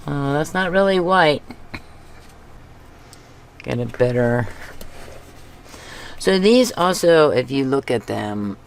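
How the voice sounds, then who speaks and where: A woman hosting a craft video, chatting casually as she paints, thinking aloud and talking to herself with soft chuckles. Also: rumbling low, lively intonation, slow pace, pauses often, slight background noise. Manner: soft chuckles between remarks.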